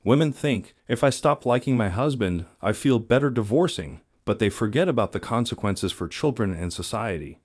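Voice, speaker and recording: A man narrating a scripted storytelling video as the channel's host, in a steady, even read. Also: medium pitch, normal speed, few pauses, dry recording, clean studio sound.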